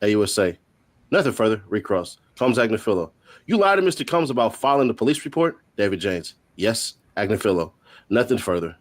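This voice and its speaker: A man hosting a stream, reading courtroom testimony aloud with quick joking asides. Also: on the low side, big pitch swings. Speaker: host. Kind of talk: reading court transcript updates.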